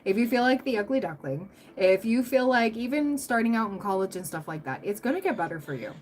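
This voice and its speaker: A woman's voice: fairly high pitch, animated, fairly quick, background noise. A young adult woman hosting a tarot livestream, chatting casually with viewers, rambling through stories and laughing often.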